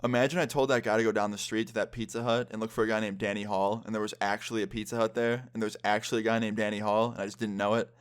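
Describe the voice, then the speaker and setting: A man's voice: on the low side, smooth. A young man telling a story casually, with lots of swearing and filler. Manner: fast, animated, lots of swearing and "like". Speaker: vlogger.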